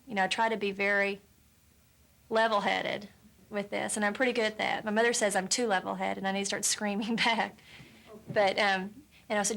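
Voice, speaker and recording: A woman's voice: mid-range voice, fairly even intonation, moderate pace, vocal fry, a bit bright. A woman, the mother of a three-year-old, describing her daughter's tantrums in a chatty, slightly self-deprecating way. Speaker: caller asking for advice.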